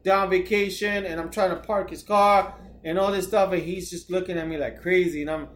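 A man's voice: sits high, fairly even intonation, a little fast. A man co-hosting a casual podcast, rambling through a story with heavy swearing and making fun of himself. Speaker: podcast co-host.

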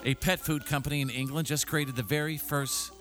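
A man's voice: on the high side, fairly even intonation, brisk, fairly bright tone, faint music behind. A man hosting a morning radio show, reading odd news items with playful jokey asides in a studio. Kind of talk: joking radio banter.

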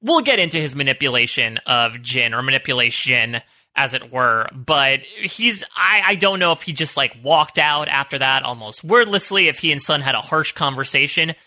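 A man's voice: mid-range voice, expressive, moderate pace, sharp tone. A man co-hosting a podcast, chatting casually with an enthusiastic, rambling, jokey manner. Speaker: podcast co-host. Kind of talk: casual chat.

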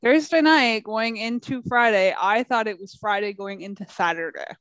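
A woman co-hosts a remote podcast in a playful, teasing way, laughing easily. Her voice sits fairly high and sounds dry and close to the mic. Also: normal speed, fairly bright tone, no room sound. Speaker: podcast co-host. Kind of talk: casual chat. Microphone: headphones over a video call.

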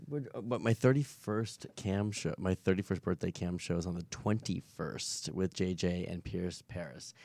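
Podcast guest, male, low voice, long-winded, dry close sound. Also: no room sound. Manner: long-winded, wordy answers. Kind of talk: casual chat.

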